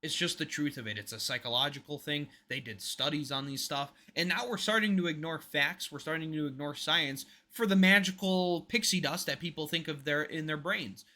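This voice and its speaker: A man's voice: fairly high pitch, moderate pace, hardly any pauses, pushed and bright. A man co-hosting a podcast, talking in casual opinionated chat. He is emphatic and rambling, and his voice drops to a mutter at the ends of his points. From United States. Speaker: podcast co-host.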